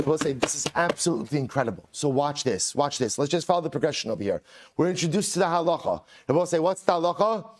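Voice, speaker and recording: Rabbi guy teaching talmud, slightly high voice, keeps asking and answering his own questions. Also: animated. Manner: emphatic, repeats rhetorical questions, chants Aramaic phrases slowly. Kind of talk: Talmud class lecture.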